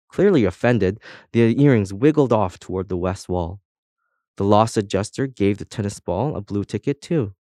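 A man's voice: on the low side, normal speed, no echo. Man narrating a storybook, dry close sound. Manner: expressive storytelling, voices each object. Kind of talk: audiobook narration.

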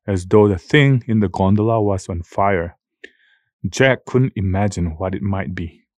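Low-voiced man reading a story. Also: dry recording, studio quality. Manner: measured, steady storytelling. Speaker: narrator. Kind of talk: scripted audiobook narration.

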